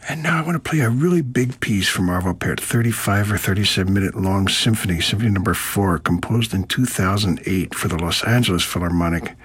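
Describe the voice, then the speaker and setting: Husky low-voiced radio music host. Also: male voice, a little fast, few pauses. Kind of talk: classical music radio presenting.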